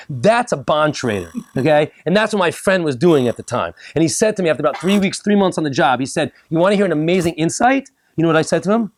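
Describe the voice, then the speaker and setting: A man's voice: fairly high pitch, expressive, quick pace, few pauses, dry recording. A man, a rabbi, giving a humorous lecture to a live audience, joking and acting out little dialogues.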